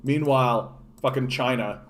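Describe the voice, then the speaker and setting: A man's voice: medium pitch, moderate pace. Sarcastic, profane Canadian man ranting. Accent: Canadian English. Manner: sarcastic, profane, mocks others in put-on voices. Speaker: political commentator. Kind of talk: ranting solo commentary.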